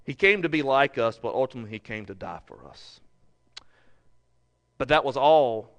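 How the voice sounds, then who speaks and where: A man's voice: mid-range voice, normal speed, fairly bright tone. A male pastor preaching a sermon, earnest and building to emphatic, repeated phrases.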